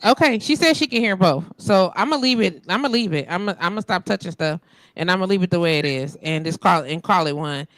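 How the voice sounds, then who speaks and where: A woman's voice: on the low side, lively intonation, fairly quick, fairly bright tone, dry recording. A woman hosting a live stream in casual chat, muttering and venting as she fixes her tech. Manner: frustrated, muttering while fixing tech. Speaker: host.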